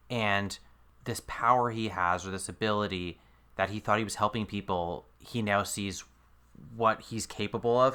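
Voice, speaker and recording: A podcast co-host joking and laughing through a casual chat about a TV episode. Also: fairly bright tone. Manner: jokey, laughs often, big pitch jumps.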